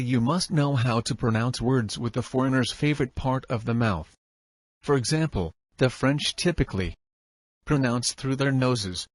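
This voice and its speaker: A man reading a self-help audiobook in an even, instructive narration style. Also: mid-range voice, dry recording.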